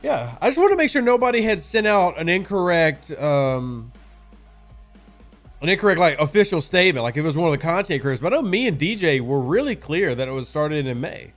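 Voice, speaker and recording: A man's voice: on the high side, very animated, brisk, soft background music. A man hosting a casual game live stream, chatting with viewers and answering their questions in a sarcastic, talkative way. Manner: sarcastic, chatty, talks to chat.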